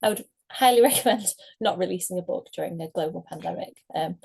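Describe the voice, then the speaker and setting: A woman's voice: lowish voice, quick pace, creaky, a little mellow, slightly rough. Chatty rambling woman author. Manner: chatty, rambling, laughs often. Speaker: author guest. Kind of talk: casual interview chat.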